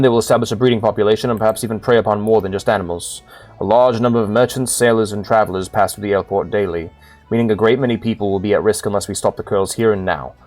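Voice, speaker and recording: A man's voice: lowish voice, a little mellow, voice pushed down, close to an everyday voice. A man voicing a stern, formal male guard officer with grave, old-fashioned phrasing, reading game quest dialogue aloud.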